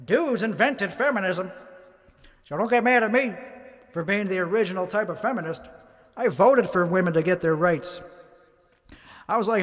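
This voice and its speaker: A man's voice: sits high, expressive, fairly quick, long reverb tail. A young man giving a brash, profane, rambling comic rant at a karaoke night. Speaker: comedian. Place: karaoke bar.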